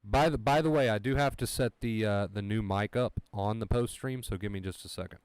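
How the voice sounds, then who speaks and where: This home livestreamer has a lowish, darkish, smooth voice and a brisk pace, talking casually to viewers through a headset mic and often going over the same point again. The recording is dry and low in quality.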